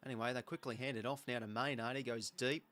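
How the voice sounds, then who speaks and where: A man with an Australian accent hosting a live football watch-along, calling the play in an excitable, chatty way. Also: mid-range voice, fast talker. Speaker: host.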